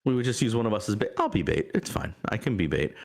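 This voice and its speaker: A man voicing a calm, sly male cat deity of death in a tabletop game. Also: on the low side, fast talker, vocal fry, voice pushed up. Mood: scheming.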